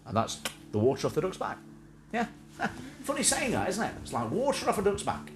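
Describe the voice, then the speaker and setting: A man's voice: high-pitched, huge pitch swings, a little fast, over music. A man hosting a livestream, chatting in a rambling, jokey way and wandering off on tangents. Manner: jokey, digressive, slips into silly put-on voices. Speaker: livestream host. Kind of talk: rambling casual chat.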